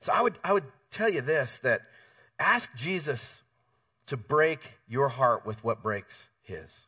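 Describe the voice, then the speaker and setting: A man's voice: medium pitch, animated, slow pace, sharp tone, husky, far from the mic. A man preaching a sermon as the pastor, speaking with emphasis, repeating key phrases and correcting himself mid-sentence.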